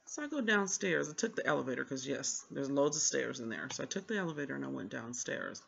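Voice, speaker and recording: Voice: medium pitch, very animated, fast talker, gravelly, a bit bright, dull audio. A book vlogger in a casual chat, telling a rambling story about a library trip and acting out what each person said. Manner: chatty, rambling storyteller who acts out what people said.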